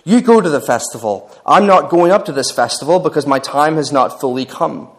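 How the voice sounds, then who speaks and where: A man voicing Jesus as a calm, earnest male teacher while reading scripture aloud, in a measured way. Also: fairly high pitch.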